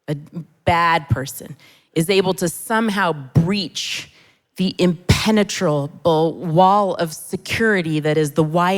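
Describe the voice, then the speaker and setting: Middle-aged woman doing stand-up in a hall. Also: lowish voice. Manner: self-deprecating, conversational, pausing for audience laughs. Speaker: comedian. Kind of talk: stand-up comedy. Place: church hall on stage. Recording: long hall reverb.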